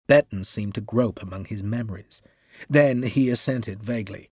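A man giving a measured, deliberate scripted narration of a story. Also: lowish voice, darkish tone, husky, dry recording, clean studio sound. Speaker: audiobook narrator.

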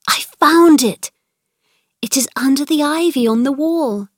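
A woman reading a storybook voices a sensible young girl with a serious, firm manner. She talks slowly and plainly, with little patience for silliness. The sound is dry and close. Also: sits high, no echo, pitched above the performer's own voice. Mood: secretive. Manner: firm and matter-of-fact.

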